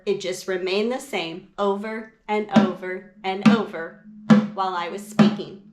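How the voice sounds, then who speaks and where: A woman music teacher explaining a lesson for parents and teachers in a slow, clear, patient way. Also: mid-range voice, roomy sound.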